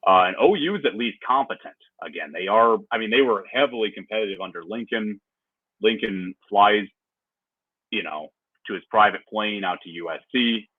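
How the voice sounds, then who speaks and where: Husky-voiced man on a tinny line. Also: lowish voice, moderate pace, no room sound. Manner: animated, laughs easily, restarts often. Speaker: podcast co-host. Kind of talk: casual sports chat.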